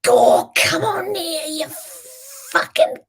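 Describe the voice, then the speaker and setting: Brief: woman impersonating a rough Australian bushman, older man, hollering curses, high strained yell, gravelly. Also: expressive, slow pace, crowd noise, full character voice. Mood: furious yelling. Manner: yelling, cursing at livestock. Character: rough swearing older male bush farmer.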